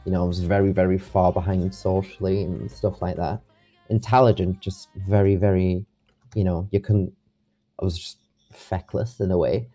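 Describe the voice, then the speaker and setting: A man's voice: low-pitched, fairly even intonation, moderate pace, mellow, soft background music. A young man, rambling with many restarts as an interview guest. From England. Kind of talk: casual interview.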